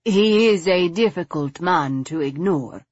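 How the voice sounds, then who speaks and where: A nervous, well-bred lady falters over her polite apologies, her voice a touch higher and altered from the narrator's own, as a woman puts her on. The voice is husky and breathy. It sits close and dry in a dull, lo-fi recording. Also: expressive, measured pace, darkish tone, no echo. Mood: anxious.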